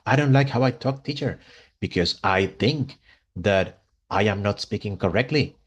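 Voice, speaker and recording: A man's voice: lowish voice, expressive, moderate pace, husky, voice pushed down. A man imitating a Spanish woman student with a Spanish accent, complaining about her own speech. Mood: self-doubting. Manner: self-critical, complaining. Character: Spanish woman student, self-doubting and plaintive.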